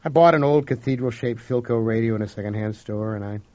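A man reading a first-person story aloud, with a dramatic delivery that swings between hushed whispers and loud outbursts. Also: medium pitch, fast, dry recording. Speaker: audiobook narrator. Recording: dull lo-fi recording.

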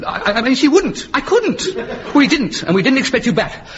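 A man's voice: very high voice, sing-song, normal speed, crowd noise. An actor playing a bashful, flustered young man in a radio comedy, stammering nervously. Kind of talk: 1950s radio comedy acting. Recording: muffled old broadcast with hiss.

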